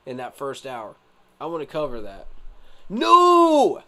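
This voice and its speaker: A man's voice: mid-range voice, lively intonation, normal speed. A man live-streaming his reaction to a sports event, emphatic and exasperated, talking straight to his viewers with rhetorical questions. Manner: emphatic, addresses viewers directly as y'all.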